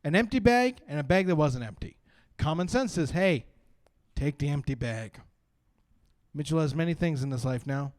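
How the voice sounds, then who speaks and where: A young man from Canada doing profane, animated stand-up storytelling on a live stream, jumping into shouted punchlines. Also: on the high side, a little fast, hardly any pauses, no room sound, clean studio sound. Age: young adult. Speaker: stand-up comedian.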